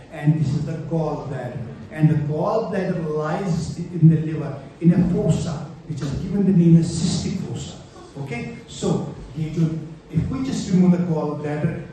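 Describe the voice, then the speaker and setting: A man's voice: fairly high pitch, dark tone. A man teaching an exam-prep anatomy lecture, explaining step by step and checking in often with rhetorical questions. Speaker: medical lecturer. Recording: very echoey room, distant mic, faint noise.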